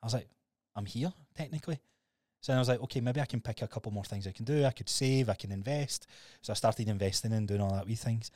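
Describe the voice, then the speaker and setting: A man's voice: lowish voice, fast, a little mellow, no room sound, studio quality. A Scottish man in his thirties co-hosting a podcast, telling his story in a candid, sweary, casual way. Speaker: podcast co-host.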